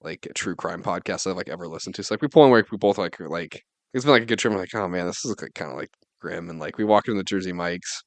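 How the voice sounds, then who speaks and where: A man's voice: deep voice, quick pace, dry recording. A man in his twenties telling a rambling story to friends on a podcast, filling nearly every phrase with "like". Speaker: podcast co-host. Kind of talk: casual storytelling among friends.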